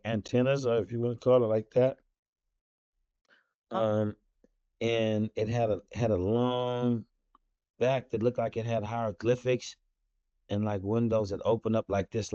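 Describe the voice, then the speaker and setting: A man's voice: medium pitch, dark tone, dry recording, dull audio. A man talking in a casual video call chat, rambling and hesitant with many restarts.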